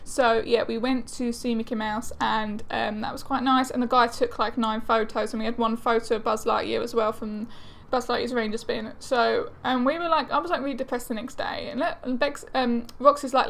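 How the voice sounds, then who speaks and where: Chatty young woman vlogger, fairly high voice. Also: steady tone, fairly quick, fairly bright tone. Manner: chatty and exasperated, lots of fillers. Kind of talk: casual chat to camera.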